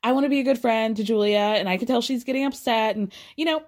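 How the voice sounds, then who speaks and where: A woman chatting through a reality show recap in a casual, gossipy way. Her voice sits a little high, and she keeps slipping into quick impressions of the people she quotes. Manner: gossipy, animated, mimics cast members' voices.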